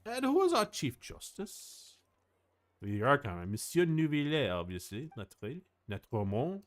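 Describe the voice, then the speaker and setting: A man's voice: medium pitch, wildly swooping pitch, moderate pace. A man voicing a fussy male shopkeeper in a game, reading the lines with a theatrical mock-French accent.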